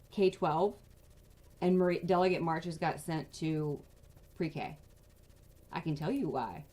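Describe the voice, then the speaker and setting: A woman giving angry, casual political commentary, venting in rapid bursts of outrage. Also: on the low side, mellow. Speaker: political advocacy vlogger.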